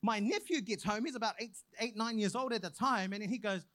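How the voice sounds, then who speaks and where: A young man preaching a sermon, praying and then telling a personal story in an animated way. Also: high voice, brisk, dry recording. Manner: animated storyteller, acts out quoted voices.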